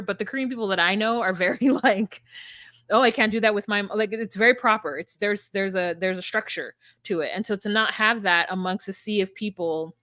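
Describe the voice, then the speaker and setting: A woman co-hosting a podcast, retelling and reacting in casual chat, emphatic and animated, with frequent fillers. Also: mid-range voice, dry recording, studio quality.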